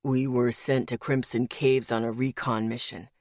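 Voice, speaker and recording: Woman playing a calm young male werewolf, measured, low, dry studio sound. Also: no echo. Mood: matter-of-fact.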